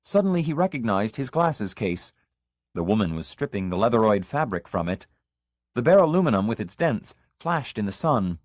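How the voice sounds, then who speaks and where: A man narrating an audiobook of short stories in an expressive storytelling manner. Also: fairly low pitch, moderate pace, dry recording, clean studio sound.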